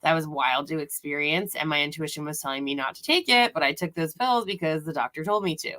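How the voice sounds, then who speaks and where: Candid woman host with a bright voice. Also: sits low, fairly quick. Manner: candid, laughing, swears freely. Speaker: host and intuitive reader. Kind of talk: casual spiritual talk on a live stream.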